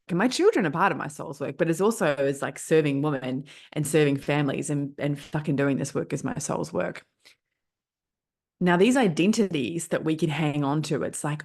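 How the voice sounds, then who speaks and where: Emphatic New Zealand woman, low-pitched. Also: measured pace. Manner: emphatic, repetitive, swears freely. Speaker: podcast host. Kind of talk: casual motivational monologue.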